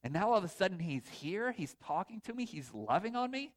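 Animated man preaching a lively sermon. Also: high voice, fairly quick. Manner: conversational, animated, asks audience to raise hands. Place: church or hall before a live congregation.

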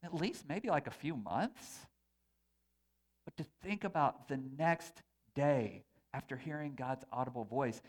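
Preaching a sermon as pastor, a man talks in a conversational, animated way, sprinkling in playful asides. His voice is medium in pitch and his delivery a little slow.

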